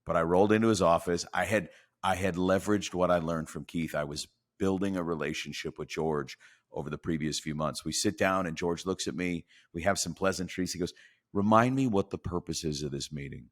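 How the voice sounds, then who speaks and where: Guest storyteller, male, deep voice, acts out the dialogue. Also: fairly quick. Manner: animated storyteller acting out dialogue. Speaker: podcast guest. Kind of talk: storytelling in a podcast interview.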